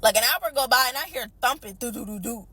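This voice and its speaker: A woman's voice: fairly high pitch, animated, fast talker, pushed and bright, breathy edge. A young woman chattily retelling a family story in a casual, slangy way, full of fillers.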